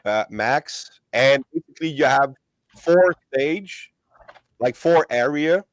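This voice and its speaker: A man's voice: mid-range voice, animated, slow pace, dry recording. A man hosting a casual livestream chat, rambling and restarting his sentences with lots of fillers. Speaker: host of a collectibles channel livestream.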